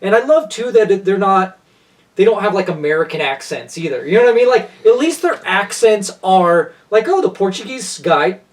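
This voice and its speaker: Excitable man gushing a little off-mic. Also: sits high, normal speed, recorded from a distance. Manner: enthusiastic, gushing, rambling with many restarts. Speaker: podcast co-host. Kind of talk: casual chat.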